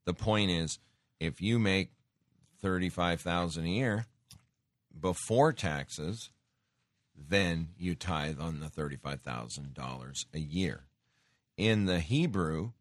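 A man's voice: low voice, lively intonation, slow pace, long pauses, dry recording, clean studio sound. A man giving an earnest sermon-style teaching, talking with many fillers and restarts and rising in emphasis when he cites scripture. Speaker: Christian teacher.

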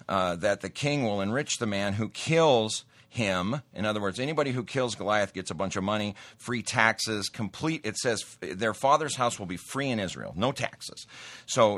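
A man's voice: lowish voice, a bit bright, no room sound. A man hosting a show, reading a Bible story aloud and breaking in with casual, plain-spoken asides to explain it.

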